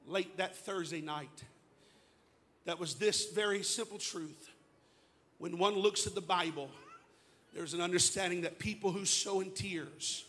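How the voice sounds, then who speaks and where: A high-voiced pastor preaching through grief. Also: male voice, big-room sound, full character voice. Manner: impassioned preaching, swells into shouted declarations. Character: grieving male pastor preaching steadfast faith. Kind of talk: sermon.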